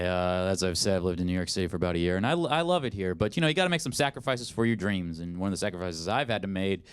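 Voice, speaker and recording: A man in his twenties performing a stand-up comedy set, telling self-deprecating stories in an animated way. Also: sits low, smooth. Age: 20s. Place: comedy stage in a studio.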